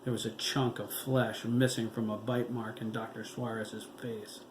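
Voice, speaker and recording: A man reading his own horror novel aloud in a slow, dramatic storytelling manner. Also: on the low side, little pitch movement. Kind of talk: audiobook narration. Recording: echoey room with faint background noise.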